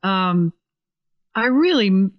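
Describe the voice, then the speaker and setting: A woman's voice: mid-range voice, expressive, takes it slowly, lo-fi sound. A woman from Oregon, a professional singer, chatting animatedly as a guest on a casual podcast. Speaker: guest musician.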